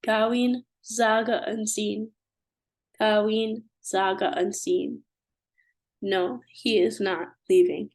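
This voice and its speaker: A woman's voice: medium pitch, steady tone, slow pace, a little mellow. A woman with a stuffy nose teaching a language lesson, patiently repeating each phrase and translating it. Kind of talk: language lesson, slow repetition drills.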